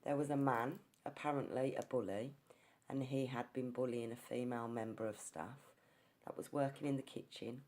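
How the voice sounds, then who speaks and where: A woman from England, a ghost hunter, narrates her ghost-hunting experience in an earnest storytelling manner, sometimes restarting her words. Her voice is very deep and darkish, steady in tone, at a moderate pace.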